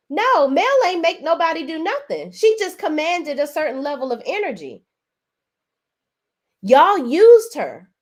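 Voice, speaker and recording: A woman hosting a reality TV recap, talking in a sassy, profane, emphatic way. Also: high voice. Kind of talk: casual profane commentary.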